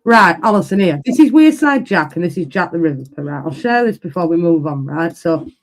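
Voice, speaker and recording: A woman's voice: fairly low pitch, big pitch swings, brisk. Chatty Yorkshire woman co-hosting. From Yorkshire, England. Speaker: podcast co-host. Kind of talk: casual chat.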